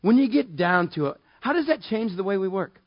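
A man preaching a sermon in a casual, joking way that builds to loud, emphatic passages. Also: sits high, lively intonation, brisk, no room sound, lo-fi sound. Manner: conversational, jokey, rising to loud emphatic preaching. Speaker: pastor.

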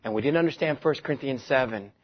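Fast and a bit breathy, a mid-range male voice belongs to a West Texas pastor. In his sermon he pokes fun at himself while telling a story about his marriage, recorded in dull lo-fi.

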